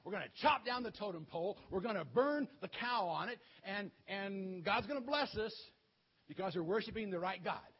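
A man's voice: high voice, expressive, normal speed, husky, lo-fi sound. A man voicing Gideon, a timid young man who is easily scared, speaking in a nervous, hesitant way in a children's Bible story.

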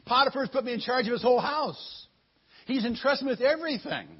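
A man's voice: very high voice, expressive, a little fast, breathy edge, pitched above the performer's own voice, exaggerated voice. A man voicing young Joseph in an emphatic, protesting way while telling a Bible story, in a muffled lo-fi recording.

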